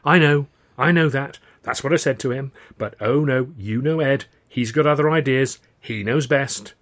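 A man's voice: medium pitch, normal speed, a bit bright, voice pushed up, natural voice. A man doing a chatty, put-upon woman performer. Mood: exasperated. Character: gossipy exasperated woman performer, wife.

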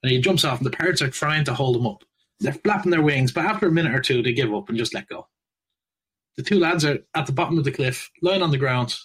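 A man's voice: mid-range voice, quick pace, a bit bright, slightly rough, poor audio. A man telling jokes on a podcast, laughing at his own punchlines. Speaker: podcast co-host. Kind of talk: casual joke telling.

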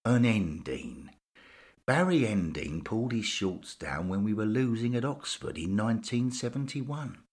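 A man voicing Bill, a calm, knowing older male ghost who explains things patiently and matter-of-factly. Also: fairly low pitch, measured pace. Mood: explaining.

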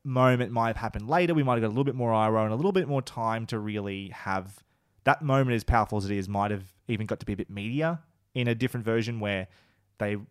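A man co-hosting a casual podcast, retelling favourite scenes with enthusiasm and getting emotional. He swears casually and talks in a relaxed, rambling way. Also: lowish voice, fast talker, clear, resonant tone, no room sound, studio quality. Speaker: podcast co-host. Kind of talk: casual chat.

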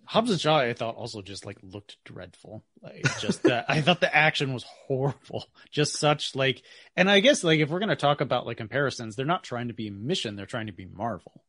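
A man's voice: mid-range voice, lively intonation, fairly quick, fairly bright tone, dry recording, studio quality. A man co-hosting a podcast in casual chat, blunt and disparaging in his opinions. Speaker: podcast co-host.

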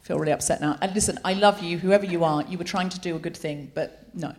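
A woman hosting a comedy podcast on stage before a live audience, riffing quickly and emphatically. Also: fairly low pitch, heavy background noise. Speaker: podcast host. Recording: live theatre, loud audience laughter.

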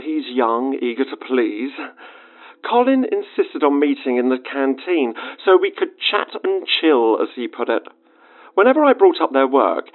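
A man delivering a scripted audio-log monologue as a base director, exasperated and rambling, with sarcastic asides. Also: on the high side. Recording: phone-like narrow sound with faint music.

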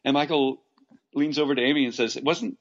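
A man from Los Angeles, an actor, telling stories in a casual interview, rambling with restarts and animated asides. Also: mid-range voice, fast, dull audio. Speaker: actor guest.

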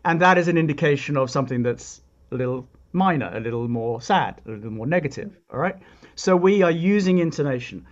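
A man speaking as a composer guest, working through ideas in a reflective way with asides and restarts. His voice sits a little high for a man. The sound is dull and lo-fi. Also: lively intonation, fairly quick. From England. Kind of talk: explanatory interview talk.

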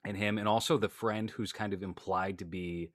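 A man's voice: on the low side, steady tone, normal speed, no room sound. A man co-hosting a casual film discussion, speaking bluntly and with profanity. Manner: blunt, profane, acts out characters in quotes. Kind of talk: casual movie review chat.

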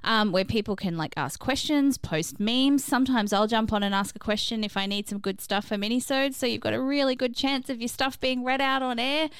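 A woman's voice: on the high side, fairly quick, few pauses, smooth, no room sound, studio quality. A woman co-hosting a podcast, talking frankly and casually, now and then swearing and laughing. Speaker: podcast co-host.

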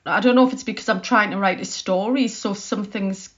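A woman's voice: medium pitch, brisk. A chatty woman author being interviewed, who talks about her work in a loose, self-deprecating way. Her voice sits in a middle register. The recording sounds dull and lo-fi. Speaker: short story writer as podcast guest. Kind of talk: conversational interview.

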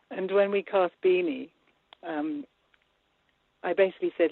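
Woman, film director, husky voice, chatty, laughs often, tinny phone-like line. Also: lowish voice, steady tone, takes it slowly, pauses often, no room sound. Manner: warm, chatty, laughs often, many hesitations. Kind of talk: casual interview chat.

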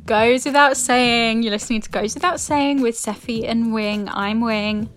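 A woman's voice: a little high, normal speed, faint music behind. A young woman co-hosting a podcast in casual chat, teasing and laughing often. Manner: giggly, teasing, warm banter. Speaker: podcast co-host.

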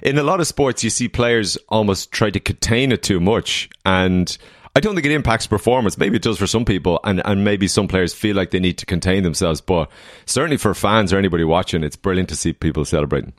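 Irish male co-host, low voice, enthusiastic, dry studio sound. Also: brisk, dry recording. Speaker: podcast co-host. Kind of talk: casual podcast interview.

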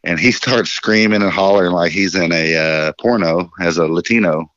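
A deep-voiced man on a dull, muffled phone line. He is dry and close, with no room sound. He tells jokey stories in a casual way and chuckles as he goes. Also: moderate pace, a bit bright, no room sound. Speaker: band bassist, phone guest. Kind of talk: casual interview storytelling.

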